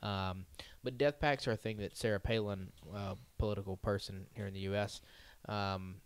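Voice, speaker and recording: Low-voiced man, dry close sound. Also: fairly even intonation, normal speed, clean tone, dry recording. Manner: laughs often, rambling asides. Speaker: podcast co-host. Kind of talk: casual chat.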